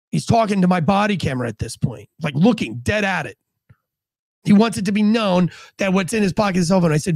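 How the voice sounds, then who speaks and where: A man's voice: high-pitched, animated, a little fast, a little mellow, no echo. A man, a former police officer, telling a vivid first-person story and acting out the dialogue in a matter-of-fact way.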